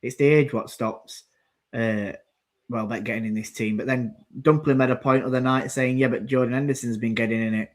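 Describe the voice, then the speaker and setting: A man co-hosts a casual football watchalong, commentating on the match in a rambling way, calling out substitutions and plays and grumbling about the play. His voice is mid-range, fairly even in intonation, and fairly quick.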